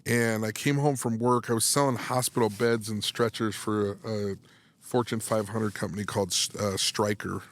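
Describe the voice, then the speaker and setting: A man's voice: lowish voice, normal speed, no echo. A man in his thirties, a sports psychology coach, telling a story in a casual podcast interview, restarting phrases and acting out dialogue as he goes. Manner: animated, restarts phrases, acts out quoted dialogue.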